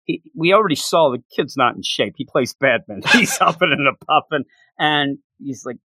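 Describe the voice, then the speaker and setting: Man, casual podcast chat, animated storyteller, dry close sound. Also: medium pitch, normal speed, no room sound. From North America. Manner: animated storyteller, acts out characters' lines. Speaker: podcast co-host. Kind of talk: casual chat recapping a comic.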